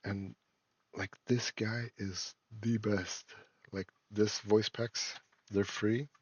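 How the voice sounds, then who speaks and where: A man, an indie game developer and a father, talks through his game in a casual devlog, halting and full of fillers and restarts. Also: lowish voice, level tone, slightly rough, dry recording. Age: adult, a parent. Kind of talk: casual screen-recorded devlog.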